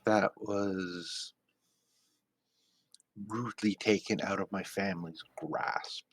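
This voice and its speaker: A man voicing a reserved, space-born character who answers calmly and briefly. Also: low-pitched, dry recording. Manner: terse, calm, measured answers.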